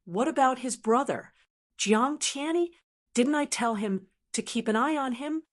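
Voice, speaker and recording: A cold, commanding old man of rank from a fantasy audiobook, put on by a woman narrator. He speaks sharply and expects to be obeyed. The voice sits slightly higher than the narration. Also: animated, unhurried. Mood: cold anger. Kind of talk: audiobook character reading.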